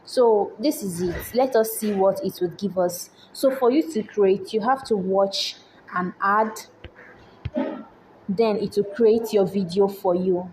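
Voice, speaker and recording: A woman's voice: medium pitch, a little slow, a little mellow, low-quality recording. Woman as tutorial host, voice-over, faint hiss underneath, keeps asking "right?"-style checks. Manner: checks in with rhetorical questions. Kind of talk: screen-recorded software tutorial. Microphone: voice-over on screen recording.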